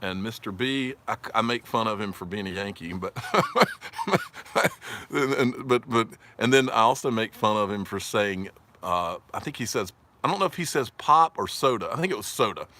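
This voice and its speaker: Southern male stream host, slightly low voice with a forceful edge, jokey, reads comments. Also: animated, normal speed. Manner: rambling and jokey, laughs often, reads viewer comments aloud. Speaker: livestream host. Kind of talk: casual livestream chat.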